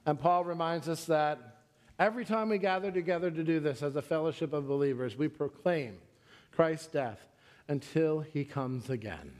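A middle-aged male pastor delivering a sermon, his voice sitting a little high for a man. He slips into stories and acts out the quotes in them, lifting his pitch as he plays the other people. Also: normal speed, a little mellow.

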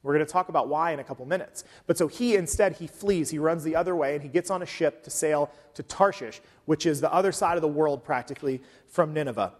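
A pastor preaches in a loose, chatty manner and fills his pauses with "um." His voice sits slightly high. It carries the long echo of a large sanctuary. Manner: conversational, with frequent um fillers. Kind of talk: sermon. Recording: long hall reverb.

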